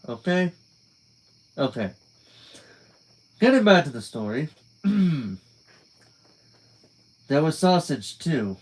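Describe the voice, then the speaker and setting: A man's voice: on the high side, big pitch swings, takes it slowly, pauses often, rough recording. Man reading a novel live, chatty asides. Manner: casual, conversational, trailing off at phrase ends. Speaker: streamer reading a novel aloud.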